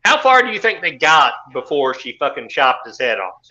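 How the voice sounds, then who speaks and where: Bright, crude-talking man podcast co-host. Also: a little high, moderate pace, highs cut off. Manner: crude, profane and animated. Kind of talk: casual chat.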